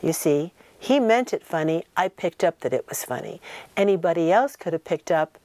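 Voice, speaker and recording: A woman in her sixties, a guest in an interview, telling animated and emphatic stories and acting out the people she quotes. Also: lowish voice, normal speed, no echo. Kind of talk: anecdotal interview storytelling.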